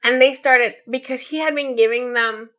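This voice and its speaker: Bright-voiced chatty young woman. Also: on the high side, moderate pace. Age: 20s. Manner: chatty, many fillers, quotes people in lively voices. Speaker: podcast co-host. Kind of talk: casual chat, retelling a story.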